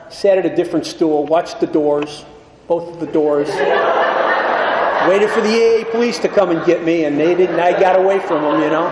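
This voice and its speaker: A man's voice: a little high, background noise. A man giving a wry, self-mocking storytelling share at a recovery meeting, acting out the dialogue as he goes. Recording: echoey hall with faint ambience.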